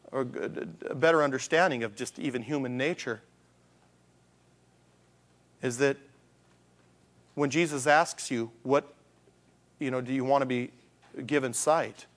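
A male pastor with a voice on the high side delivers a conversational sermon. He poses rhetorical questions and acts out the voices of the people he quotes.

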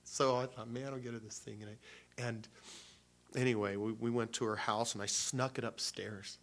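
A man's voice: mid-range voice, steady tone, normal speed, fairly bright tone. A man preaching before communion, telling a personal story in a loose, emotional way with many restarts. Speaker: pastor.

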